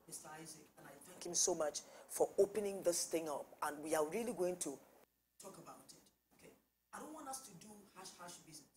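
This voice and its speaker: Low-voiced woman hosting a talk show. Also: a little mellow, a little hiss or hum. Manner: probing, questions guests. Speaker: host. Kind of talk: casual discussion.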